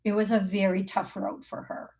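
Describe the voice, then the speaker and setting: A woman's voice: medium pitch, flat delivery, moderate pace, gravelly, darkish tone. A woman hosting a call-in show as a psychic medium. She talks in a chatty, rambling way, with lots of fillers and self-corrections, and laughs often. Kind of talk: casual live call-in readings.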